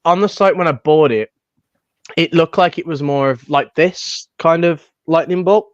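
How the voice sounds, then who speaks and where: A man's voice: on the high side, moderate pace, no echo, dull audio. A young British man, a fan filmmaker, chatting casually and rambling with many restarts. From United Kingdom. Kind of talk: casual chat.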